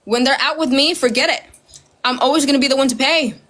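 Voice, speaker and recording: A woman ranting straight to camera, loud and heated, swearing constantly and mimicking her critics with sarcasm. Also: high voice, fast. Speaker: social media creator. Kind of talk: ranting direct-to-camera video.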